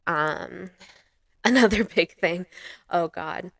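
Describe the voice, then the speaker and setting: A woman's voice: fairly low pitch, slow pace, creaky, no room sound, studio quality. A woman hosting her own vlog, chatting casually to camera with frequent ums and laughs. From US East Coast. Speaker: vlog host. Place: home in Arizona.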